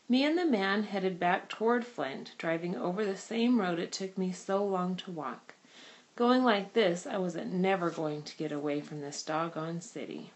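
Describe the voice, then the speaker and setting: A woman reading a children's novel aloud with expressive storytelling. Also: lowish voice, moderate pace. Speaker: reader.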